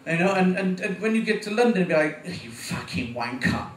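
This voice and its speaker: Doing his first stand-up set, a jittery man in his 40s swears, rambles and laughs at his own material in front of a live crowd at a small venue. He talks fast in a high voice, captured from afar in an echoey space with faint ambience.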